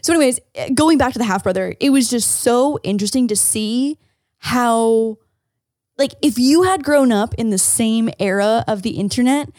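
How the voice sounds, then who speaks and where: Young woman co-host, animated storyteller, higher voice, dry close podcast mic. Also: normal speed, no echo. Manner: animated storyteller, many fillers. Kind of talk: casual chat.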